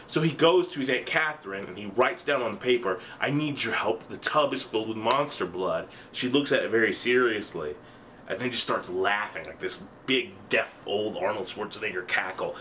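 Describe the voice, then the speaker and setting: A young man casually retelling a story in an animated, profane, rambling way. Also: mid-range voice, a little hiss or hum.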